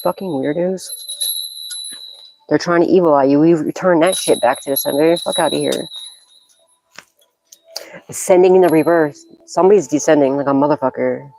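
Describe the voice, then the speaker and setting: A woman's voice: low voice, normal speed, gravelly, pauses often, warm tone, poor audio. A woman gives a psychic tarot reading as a loose, casual monologue. She is blunt and profane, scolding freely and breaking into bursts of laughter as she talks.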